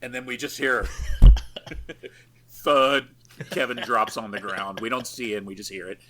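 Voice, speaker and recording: A man's voice: lowish voice, fairly even intonation, a little fast, background noise. A man co-hosting a podcast, recapping a film in a loose, profane way with lots of fillers and easy laughs. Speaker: podcast co-host. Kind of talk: casual chat recapping a film.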